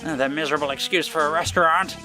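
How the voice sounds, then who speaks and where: A man's voice: on the high side, steady tone, fast talker, bright, forceful tone, faint music behind. A man voicing a grumpy old man who scolds and complains in huffy bursts. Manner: cranky, huffing complaints.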